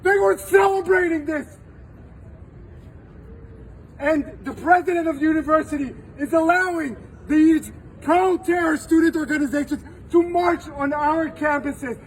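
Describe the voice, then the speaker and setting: Male, 40s, very high voice, slow fiery protest speech, shouting and choking up, distant mic with faint traffic. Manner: emotional, shouting, voice breaking with tears. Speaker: university employee giving a protest speech.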